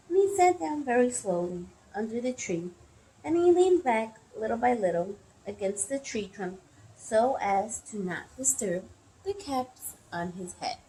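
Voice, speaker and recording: Slow, expressive woman storyteller. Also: fairly high pitch, rough recording. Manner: expressive, gasping at story moments. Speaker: storyteller for children. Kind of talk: reading a picture book aloud.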